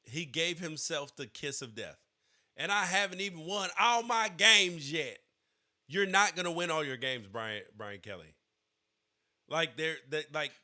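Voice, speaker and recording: Male podcast co-host, high bright voice, lively joking sports talk. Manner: animated, laughing, says bro a lot. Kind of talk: casual sports chat.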